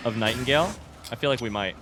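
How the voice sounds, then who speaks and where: A man's voice: medium pitch, quick pace, background noise. A young man casually commenting on a game he is playing live, chatting with viewers, reading their messages aloud and swearing now and then. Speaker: streamer. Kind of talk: casual let's-play commentary.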